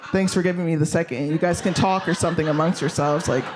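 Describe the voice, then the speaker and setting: A man's voice: a little high, background noise. A man performing a live stand-up set in a blunt, self-mocking way, swearing freely and talking straight to the crowd. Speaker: stand-up comedian. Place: comedy show venue.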